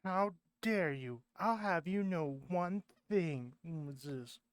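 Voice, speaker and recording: A man's voice: fairly high pitch, animated, slow, clean tone, dry recording. A man voicing a sulky, complaining male creature from space in a fan animation. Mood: grumbling.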